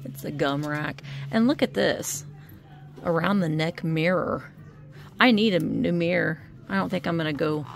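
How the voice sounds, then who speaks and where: Chatty woman with a gravelly fry. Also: fairly low pitch. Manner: chatty, thinks aloud while pricing items. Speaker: vintage reseller vlogger. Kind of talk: casual shop-along narration. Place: indoor antique mall.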